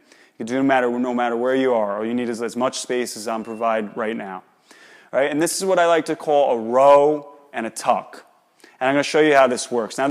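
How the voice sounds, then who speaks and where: A man's voice: medium pitch, big-room sound. A man, an exercise specialist, explaining and demonstrating shoulder exercises in a coaching manner.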